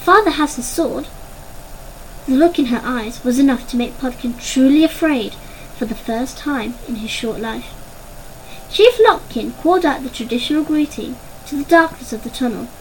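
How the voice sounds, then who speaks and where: A woman narrating a children's storybook in an expressive, dramatic way. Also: high voice, moderate pace, slight background noise, poor audio.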